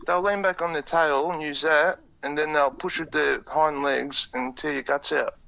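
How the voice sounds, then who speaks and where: An Australian man calls in and talks bluntly, swearing freely. His voice is gravelly and a little high. The sound is muffled and dull. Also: fairly even intonation, normal speed, pushed and bright. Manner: blunt and profane. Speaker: phone-in caller. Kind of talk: casual chat on a phone call. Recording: muffled phone call.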